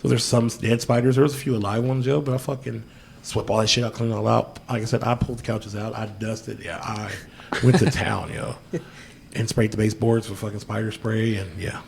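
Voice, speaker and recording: A man hosting a podcast, telling a story in a loose, profane, animated way and dropping "yo" constantly. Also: lowish voice, a little fast, vocal fry, a little hiss or hum. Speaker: podcast host. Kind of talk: casual storytelling chat.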